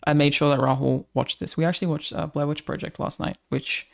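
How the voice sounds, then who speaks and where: A woman's voice: low voice, fairly even intonation, fairly quick, creaky. An Australian woman streamer chatting casually with her live audience, swearing freely as she talks.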